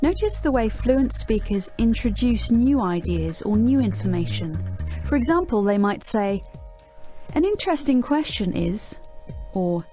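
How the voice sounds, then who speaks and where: A woman with a British accent reading out scripted tips for learners in a clear, instructive way. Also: a little high, animated, unhurried, over music. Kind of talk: scripted educational narration.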